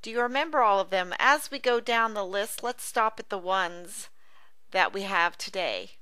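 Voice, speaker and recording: A woman teaching phonics in an online reading lesson, slowly sounding out and repeating words one by one. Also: mid-range voice, sing-song, sharp tone, smooth, no room sound. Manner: slow, careful, drawn-out word-by-word teaching.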